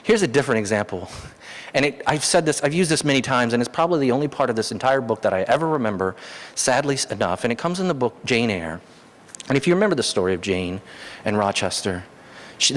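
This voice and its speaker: A man preaching a sermon as pastor, animated, his voice jumping high for emphasis. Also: fairly quick. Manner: animated, rises sharply in pitch for emphasis. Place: church hall. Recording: long hall reverb.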